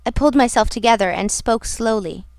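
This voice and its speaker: A woman's voice: fairly high pitch, fairly quick, no echo. Woman narrator, solemn literary read, dry studio sound. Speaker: audiobook narrator.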